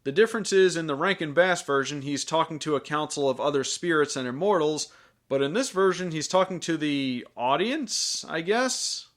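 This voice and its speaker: A man's voice: on the high side, lively intonation, moderate pace, fairly bright tone. Sarcastic male film reviewer. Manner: sarcastic, jokey. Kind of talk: scripted review commentary.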